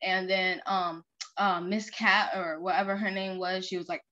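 A woman's voice: medium pitch, flat delivery, moderate pace, pushed and bright. A young woman chatting casually over a story game, rambling with many fillers. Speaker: game playthrough host. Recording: lo-fi muffled recording.

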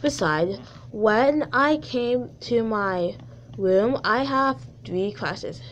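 Brief: a bossy little cartoon rabbit girl explaining things slowly, read by a woman, slightly higher voice. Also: lively intonation, dull audio, a little hiss or hum. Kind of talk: reading a fan story aloud.

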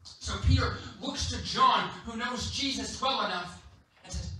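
A man preaching as a guest speaker at a church, telling the story in an animated, playful, emphatic way. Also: extremely high pitch, measured pace, slight background noise. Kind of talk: sermon. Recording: echoey church hall, distant mic.

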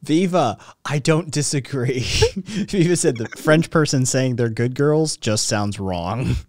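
A man's voice: mid-range voice, animated, slow pace, darkish tone, no echo, studio quality. A man co-hosting a casual livestream chat, sarcastic and profane, reading chat messages aloud. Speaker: co-host.

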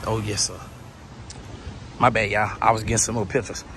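Casual male car vlogger, excited and breathless, outdoor camera audio with loud engine noise. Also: lowish voice, normal speed, gravelly. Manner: excited, hyped, repeats himself. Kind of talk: casual vlog narration. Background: loud car engine and street noise.

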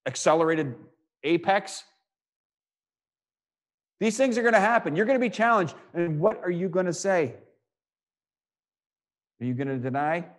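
Male preacher, sermon, scripture reading, rhetorical questions, repeats lines, slightly high voice. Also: animated, a little slow, long pauses. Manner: rhetorical questions and repeated phrases, swinging between loud and hushed.

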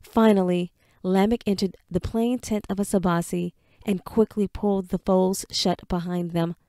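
Woman narrator, measured audiobook reading, mid-pitched, dry close mic. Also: steady tone, mellow, dry recording. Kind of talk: scripted narration.

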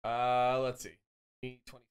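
A man's voice: mid-range voice, flat delivery, slow, very noisy. A male streamer in casual chat with his viewers, joking, swearing and reading their messages aloud. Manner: loose, swearing, teasing banter with chat; reads chat messages aloud and answers them.

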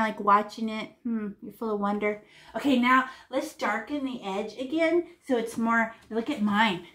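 Lady art teacher, kinda high voice, chatty and bouncy, makes little zip zip and la la noises while painting. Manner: chatty and animated, narrates brushstrokes with sound effects and sing-song la-las. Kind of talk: playful painting lesson for children.

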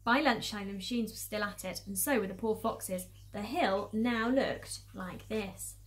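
A woman's voice: mid-range voice, measured pace. A woman, a primary school teacher, reading a storybook aloud and explaining it patiently to young children.

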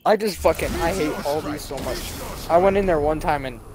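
A man's voice: a little high, fairly quick, a crowd in the background. A tired young man streaming a game, chatting casually and telling profane, rambling stories where he acts out what people said. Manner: profane, rambling storyteller acting out quotes. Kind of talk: casual gaming chat.

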